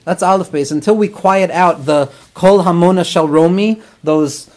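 High-voiced man teaching with Hebrew terms. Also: moderate pace, darkish tone. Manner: earnest, explaining, weaves in Hebrew terms. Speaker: rabbi and therapist teaching. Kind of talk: talmudic teaching talk.

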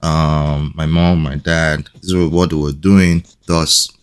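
A man's voice: extremely low pitch, level tone, slow pace, clean tone. A young Nigerian man co-hosting a faith podcast, playful and joking, more hesitant when he reflects. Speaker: podcast co-host. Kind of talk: casual faith podcast chat.

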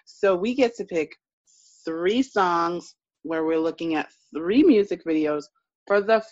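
A woman co-hosting a casual podcast, telling stories in an animated, chatty way. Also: on the low side, measured pace, no echo, muffled recording. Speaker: podcast co-host.

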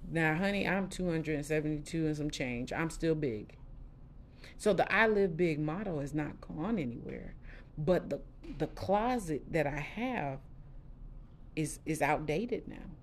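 A middle-aged woman hosting a podcast, telling her personal story candidly in a casual, expressive way with lively quoted asides. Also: sits low, unhurried, slight background noise. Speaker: podcast host.

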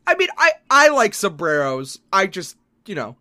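A man co-hosting a casual podcast, excitable, laughing often and swearing casually. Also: high voice, moderate pace. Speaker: podcast co-host running a game server. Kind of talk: casual chat.

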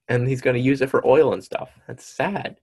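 A young man casually reading odd news stories aloud to a friend, playful, with dramatic pauses and goofy wordplay. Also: medium pitch, little pitch movement, a little mellow.

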